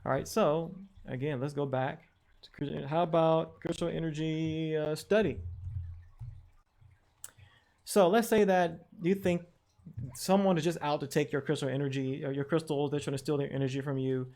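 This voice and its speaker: Skeptical man with a slightly high voice. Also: fairly even intonation, moderate pace, vocal fry, pauses often, a little mellow. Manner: skeptical, questioning, reads quotes aloud with wry asides; frequent fillers and restarts, chuckles at jargon. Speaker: educator explaining online research. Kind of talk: screen-share tutorial talk.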